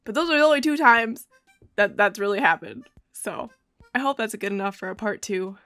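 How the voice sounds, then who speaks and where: A woman's voice: mid-range voice, expressive, normal speed, a bit bright, dry recording, faint music behind. A young woman from Minnesota telling a casual story in a wry, sarcastic way, with laughs. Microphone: studio USB microphone.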